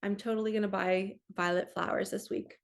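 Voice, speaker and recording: A woman with a medium-pitched, fairly even voice speaks at a fairly quick clip. She's a spiritual coach chatting casually into her computer camera at home, reading passages aloud and commenting on them in a laid-back teaching vlog.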